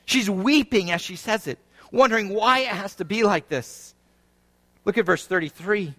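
A pastor with a high-pitched, sharp-toned voice preaches at normal speed. He reads scripture aloud and then explains it, his intensity rising and falling as he goes.

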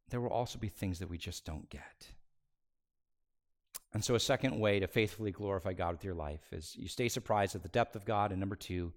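Male pastor preaching with dramatic swings. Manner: dramatic swings from loud and high to hushed, near-whispered phrases; slows down on key words for emphasis. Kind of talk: sermon.

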